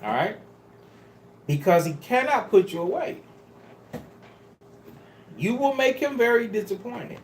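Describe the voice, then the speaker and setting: A man preaches with a lively, swooping delivery, pressing and pleading with his listeners. His phrasing is casual and street-style. The sound bounces around an echoey church room. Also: very high voice, unhurried, pauses often, a little hiss or hum. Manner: emphatic, pleading and exhorting the congregation. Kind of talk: sermon. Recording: roomy echo.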